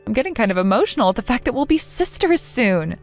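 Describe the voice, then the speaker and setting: A woman's voice: fairly high pitch, sing-song, quick pace, soft background music. A woman voicing a young woman in a text-message story who is betrayed by her friend, earnest, bewildered and hurt. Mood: heartfelt.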